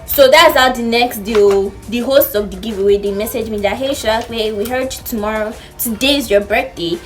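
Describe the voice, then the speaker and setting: Young nigerian woman, kinda high voice, animated storytime chat, faint music behind. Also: moderate pace. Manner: animated storytelling, acts out quotes. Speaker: vlogger.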